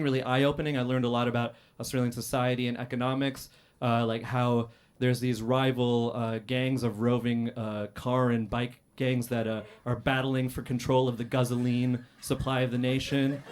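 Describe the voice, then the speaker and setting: Man, stand-up comedian, roast battle, deadpan, halting pauses, comedy club stage. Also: medium pitch. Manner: deadpan, dry delivery with many "uh" pauses and loud outbursts.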